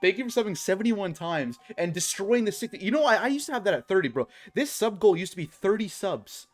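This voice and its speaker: A man's voice: high-pitched, big pitch swings, fast talker, soft background music. A young adult man streaming, telling a work story in casual chat, swearing and saying bro a lot.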